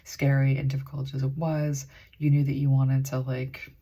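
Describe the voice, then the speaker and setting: A woman's voice: very deep voice, flat delivery, normal speed, mellow. A woman giving a spoken tarot reading in a rambling, earnest way, full of fillers and restarts. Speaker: tarot reader.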